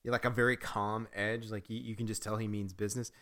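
A man co-hosting a casual movie review podcast, rambling and animated, often acting out his own reactions. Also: lowish voice, quick pace. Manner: rambling, animated, acts out quotes. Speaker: podcast co-host.

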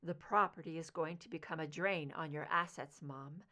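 A woman reader voicing a grieving adult son, speaking low, subdued and halting. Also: pushed and bright. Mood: somber.

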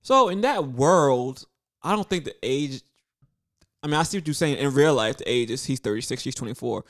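Lively young man, teasing podcast talk. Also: medium pitch, normal speed. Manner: lively, teasing, laughs often. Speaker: podcast co-host. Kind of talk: casual chat.

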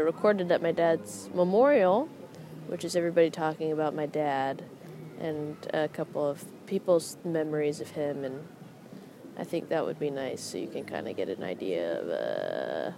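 A young woman hosts her podcast from a park bench, drifting between self-mocking puns and loose asides. Her voice sits a little low and she takes her time. Steady park noise fills the background. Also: unhurried, creaky. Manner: rambling, self-mocking puns, laughs at own jokes. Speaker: podcast host. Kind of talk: casual monologue. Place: outdoors in a city park.

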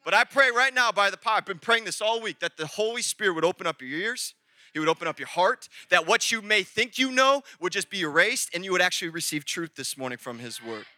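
Male pastor, high and very bright voice, casual sermon delivery with loud bursts, dry close sound. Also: fast, dry recording. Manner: energetic, conversational preaching with sudden loud peaks.

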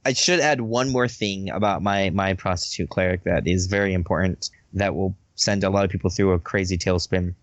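A man's voice: low-pitched, a little fast, hardly any pauses, no room sound. A man chatting casually about his tabletop role-playing characters, laughing often and trailing off mid-thought.

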